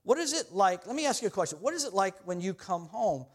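High-voiced pastor preaching casually. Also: male voice, big pitch swings, fast talker. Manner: conversational, self-deprecating, laughs often. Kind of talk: sermon.

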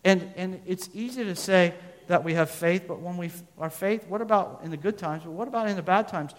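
A man preaching a sermon, reading scripture aloud and asking his listeners questions, sometimes swelling louder and then dropping soft. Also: high-pitched, a little fast, big-room sound. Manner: asks the listeners questions, reads scripture aloud, loudness rises and falls.

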